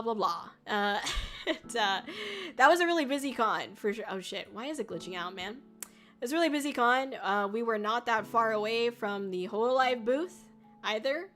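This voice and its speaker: A woman's voice: a little high, fairly bright tone. A woman VTuber chatting casually on a livestream, rambling with lots of fillers and the odd swear. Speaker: VTuber streamer. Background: faint music.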